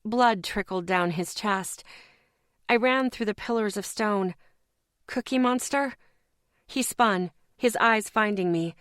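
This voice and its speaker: A woman reads a dark paranormal audiobook in first person, unhurried and deliberate. Her delivery is measured and intense, pulled along by the emotion of the scene. The sound is close and dry, straight from a booth. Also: mid-range voice, no echo. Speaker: audiobook narrator.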